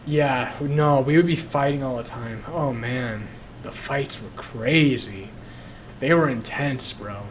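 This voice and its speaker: A man's voice: medium pitch, slow. Young male streamer, blunt and profane, casual confessional talk, faint noise behind. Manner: blunt, profane, laughs at himself.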